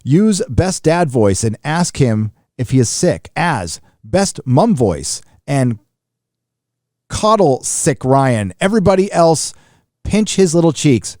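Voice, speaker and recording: A man's voice: fairly high pitch, big pitch swings, slow pace, a little mellow, no room sound, studio quality. A man hosting a live stream, reading viewer messages in loose, casual talk with fillers, restarts and swearing.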